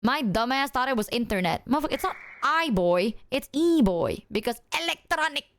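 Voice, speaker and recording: A woman's voice: high voice, expressive, a little fast, a little hiss or hum. A woman streamer chatting casually with her viewers in a loose, rambling way, full of filler words and swearing.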